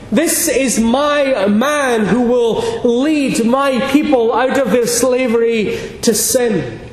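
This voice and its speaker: High-voiced preacher in an echoey hall. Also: male voice. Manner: emphatic, rising to fervent declarations. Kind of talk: sermon. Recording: echoey hall with faint ambient noise.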